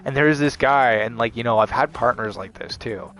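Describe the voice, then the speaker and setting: A man's voice: mid-range voice, moderate pace, fairly bright tone, soft background music. A man in a heated, profane, unscripted rant, swearing constantly and leaning on "like" as he talks. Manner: heated, swearing, heavy use of "like".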